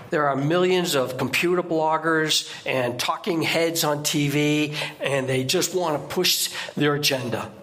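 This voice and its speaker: A man's voice: fairly high pitch, sharp tone. A middle-aged man giving a guest sermon in a church, preaching conversationally with restarts and sudden emphatic outbursts.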